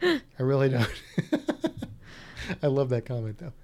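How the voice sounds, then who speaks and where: A man's voice: mid-range voice, huge pitch swings, takes it slowly, a little mellow. A man co-hosting a podcast in casual chat, rambling and restarting his sentences as he reads listener comments. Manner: chatty, rambling with many restarts. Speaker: podcast co-host.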